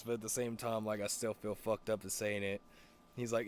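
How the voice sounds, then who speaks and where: A man's voice: on the low side, little pitch movement, moderate pace, clear, resonant tone. A young man streaming and chatting casually, rambling with lots of fillers, restarts and swearing. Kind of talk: casual chat.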